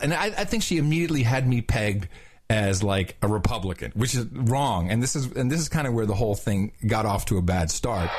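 A man's voice: mid-range voice, lively intonation, a little fast, husky. A man, hosting a podcast, telling a long story in casual chat with lots of restarts. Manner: rambling, with many restarts and quoted asides. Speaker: podcast host.

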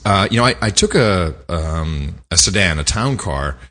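Man, podcast co-host, husky voice, lively pitch swings, slight hall reverb. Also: moderate pace. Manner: animated, indignant storytelling. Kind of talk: casual chat.

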